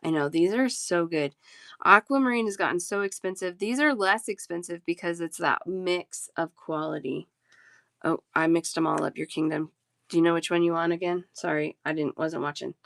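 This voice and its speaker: A woman's voice: lowish voice, moderate pace, creaky, a bit bright, dry recording, clean studio sound. A woman in her thirties, a talkative and giggly live-stream bead seller chatting casually with her viewers.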